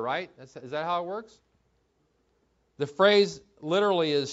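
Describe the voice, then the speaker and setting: A man's voice: on the high side, lively intonation, normal speed. A man preaching a sermon in an earnest teaching tone, asking rhetorical questions and often restarting his phrases. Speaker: pastor. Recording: dull lo-fi recording.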